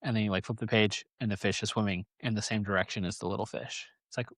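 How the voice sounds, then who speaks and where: A man's voice: lowish voice, fairly even intonation, fast, hardly any pauses, fairly bright tone, no room sound. A man hosting a podcast, telling a story casually in a rambling, joking way. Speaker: podcast host. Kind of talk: casual chat.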